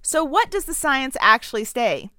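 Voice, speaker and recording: A woman's voice: high-pitched, very animated, normal speed, bright, forceful tone, no room sound, clean studio sound. Sarcastic Southern woman commentator. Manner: sarcastic and punchy. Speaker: political commentator. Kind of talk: opinion commentary.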